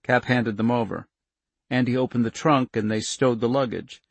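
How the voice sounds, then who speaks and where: Husky-voiced man narrating an audiobook. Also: medium pitch, fairly even intonation, moderate pace, no echo.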